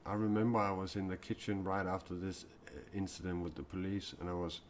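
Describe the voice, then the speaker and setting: Low-voiced male spiritual speaker, halting and heartfelt, live-stream monologue. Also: steady tone, a little hiss or hum. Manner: earnest, confessional, halting. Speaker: self-described mystic and spiritual speaker. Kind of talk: improvised live-stream talk.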